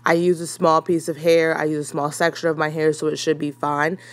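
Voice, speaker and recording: A young woman casually narrating a hair tutorial, chatty and relaxed with frequent ums. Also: low voice, fairly quick.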